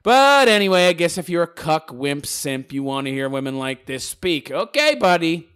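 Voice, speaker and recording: Man, somewhat high voice, sarcastic, combative, mocking rant, video blogger replying to comments. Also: sing-song, normal speed, fairly bright tone, clear, resonant tone. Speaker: YouTuber replying to hater comments. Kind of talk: casual ranting monologue.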